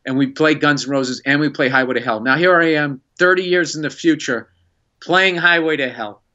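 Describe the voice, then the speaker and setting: Excitable man telling a wild story. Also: on the high side, moderate pace, dull audio. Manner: animated, excitable storyteller who acts out quotes. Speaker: guest comedian. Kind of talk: casual storytelling on a podcast.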